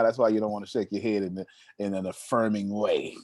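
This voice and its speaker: A man in his thirties, a motivational speaker telling stories to an audience, animated and addressing the listeners directly with a teasing tone. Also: fairly low pitch, fast, no echo, clean studio sound. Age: 30s. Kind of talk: storytelling talk to an audience.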